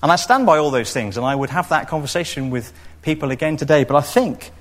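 A man preaching a sermon, expressive and storytelling, now and then acting out what people in the story say. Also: a little high, quick pace. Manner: expressive, acts out quoted voices.

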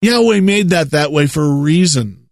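A man's voice: on the high side, animated, normal speed, no room sound, clean studio sound. A man preaching a sermon in a sarcastic, lecturing way, chuckling at his own remarks.

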